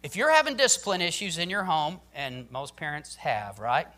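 A man's voice: fairly high pitch, wildly swooping pitch, normal speed, bright, forceful tone. A man preaching a sermon on parenting, emphatic, often saying "listen" and "I'm telling you".

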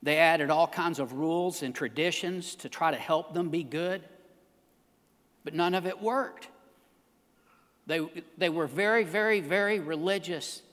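A man preaching a sermon as pastor, emphatic and building to shouts. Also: high-pitched, measured pace, big-room sound.

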